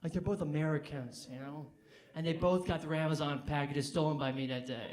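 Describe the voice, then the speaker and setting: A young adult man doing a stand-up comedy set on a brewery stage, telling deadpan stories and later working the crowd loudly. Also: a little high, brisk, heavy background noise. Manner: deadpan storytelling, rising to loud crowd work. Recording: live audience laughter behind.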